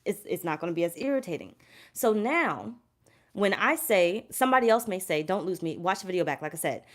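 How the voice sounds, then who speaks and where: A woman's voice: fairly low pitch, lively intonation, fairly quick. Blunt, cursing woman tarot reader. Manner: blunt, emphatic, heavy cursing, repeats herself. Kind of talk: casual spiritual pep talk to camera.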